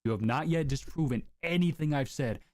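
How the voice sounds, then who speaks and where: A man streaming live, arguing in a combative, profane, quick-fire way. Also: on the high side, darkish tone, dry recording, clean studio sound. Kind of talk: heated casual argument.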